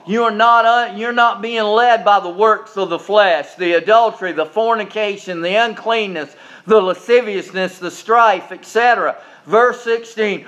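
A man's voice: high-pitched, normal speed, few pauses, a bit bright. A man preaching a sermon in a folksy, emphatic way, with repeated asides to listeners. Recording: dull lo-fi recording.

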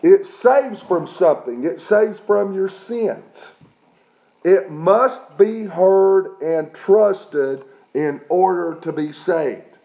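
A man's voice: high-pitched, lively intonation, drawn-out words, creaky, warm tone, roomy sound, dull audio. A middle-aged man preaching a sermon as pastor, emphatic, often checking in with his listeners. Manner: emphatic preaching with repeated "okay?" check-ins.

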